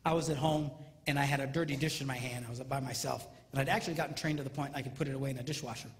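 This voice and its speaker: A man's voice: medium pitch, steady tone, rapid-fire. A man in his fifties giving a comedic marriage seminar to a live audience, bursting into squealing impressions of women. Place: large hall with audience. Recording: reverberant hall with faint noise.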